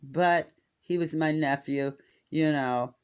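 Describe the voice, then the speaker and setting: A middle-aged American man casually telling a family story to camera, exasperated and animated, acting out what people said. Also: a little high, slow, clean tone. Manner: exasperated, animated retelling with acted-out quotes.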